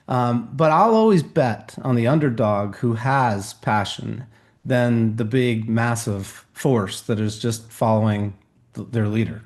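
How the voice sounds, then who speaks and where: This is a man who coaches founders, giving a measured and motivational answer as a guest. His voice sits at a mid pitch. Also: darkish tone. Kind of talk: interview answer.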